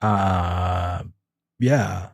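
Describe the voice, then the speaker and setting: A man narrating as game master of a tabletop role-playing game, relaxed and chuckling as he describes the scene. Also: low-pitched, extremely slow, gravelly, dry recording, clean studio sound.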